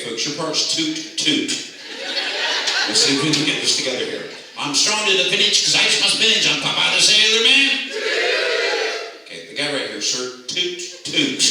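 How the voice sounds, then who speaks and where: A man working as a stage hypnotist, giving rhythmic, commanding suggestions with playful teasing at a company party. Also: mid-range voice. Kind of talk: stage hypnosis show patter. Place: large room at a company party. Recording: very echoey hall, captured from far off with room noise.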